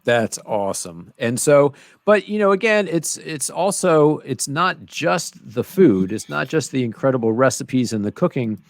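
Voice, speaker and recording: Host, male, gravelly voice, dry close sound, enthusiastic interviewer. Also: medium pitch, sing-song, normal speed, hardly any pauses, no room sound. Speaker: podcast host. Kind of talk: casual interview chat.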